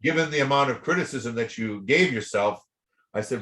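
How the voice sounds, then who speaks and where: A man's voice: on the high side, normal speed. A man teaching a voice lesson, giving chatty feedback full of repeated words and small sung and spoken demonstrations. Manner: chatty, repeats words, demonstrates by singing and speaking softly and loudly. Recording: roomy echo.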